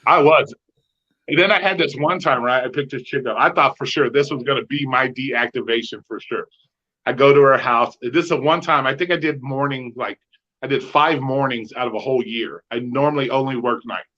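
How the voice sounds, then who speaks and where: A man co-hosting a podcast, telling rideshare stories in a profane, animated way and acting out the dialogue. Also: mid-range voice, fairly quick. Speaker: podcast co-host, rideshare driver. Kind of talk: casual chat, storytelling. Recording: slightly dull lo-fi sound.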